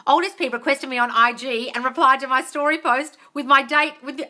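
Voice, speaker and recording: A young woman runs a livestream Q&A as a manifestation coach, ranting bluntly with swearing, stressing her points and reading viewers' comments aloud. Her high, sharp voice is brisk with fairly even intonation and hardly any pauses.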